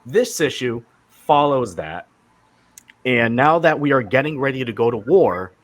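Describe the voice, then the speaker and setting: Hosting a casual podcast about comics, a man speaks a little slowly in a medium-pitched, expressive voice. He rambles with enthusiasm, often using fillers and restarting his sentences.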